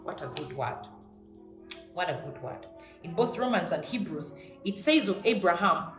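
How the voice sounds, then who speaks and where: A woman's voice: on the low side, lively intonation, a little slow, long pauses, soft background music. A woman preacher giving a devotional sermon, emphatic and repeating her key lines for effect. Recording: echoey room.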